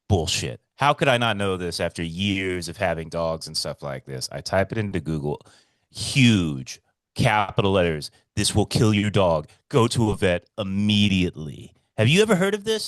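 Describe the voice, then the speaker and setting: Deep-voiced excitable man telling a story. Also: moderate pace, no echo. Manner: excitable, swears freely, repeats himself. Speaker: podcast co-host. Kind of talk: casual storytelling chat.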